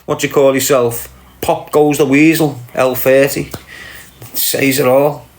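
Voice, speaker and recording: A man's voice: medium pitch, level tone, measured pace, a little mellow, echoey room. A man hosting a casual livestream, answering chat comments with brash, sweary, mocking banter.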